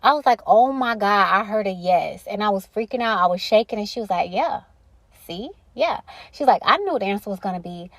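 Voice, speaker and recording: A woman's voice: mid-range voice, no echo. A woman hosting a spiritual podcast, talking casually and directly to her listeners with plenty of slang. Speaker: podcast host.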